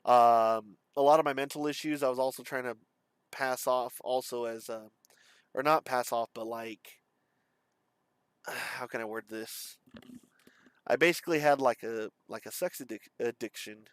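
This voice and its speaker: Young man, vlogger, confessional monologue, halting, profane, smooth voice, dry recording. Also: mid-range voice, no echo. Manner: halting, profane, with many fillers and restarts.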